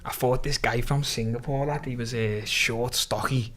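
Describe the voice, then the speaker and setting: A young man with a broad Scouse accent tells stories as a podcast guest. His talk is loose and animated, full of slang and swearing, with "lad" dropped in all the time. His voice sits at a middling pitch for a man. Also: moderate pace. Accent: Liverpool (Scouse). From Liverpool, England. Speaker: podcast guest, MMA fighter. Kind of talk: casual storytelling.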